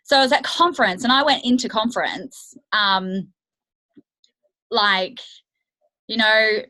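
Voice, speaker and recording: A woman's voice: medium pitch, unhurried, bright, forceful tone, poor audio. A woman coaching her team on a video call, talking candidly and chattily with many fillers. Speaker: network marketing coach. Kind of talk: motivational team training call.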